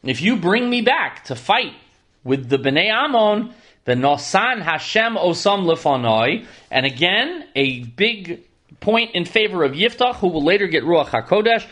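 A man with a notably high-pitched voice leads a Torah study class. He reads a verse aloud, then translates and unpacks it in an explanatory teaching manner. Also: very animated, measured pace, fairly bright tone. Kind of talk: text study lecture.

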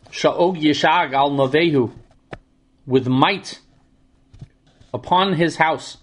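Male Torah teacher, slightly high voice, explains verse by verse with dry humor. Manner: reads Hebrew verses then translates and explains, wry asides. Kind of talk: verse-by-verse scripture lesson.

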